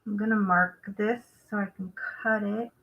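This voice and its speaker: On a live crafting stream, a woman chats casually and thinks aloud while she works, often trailing off. Her voice is medium-pitched and steady at a normal speed, and the phone-quality audio carries a little hiss or hum.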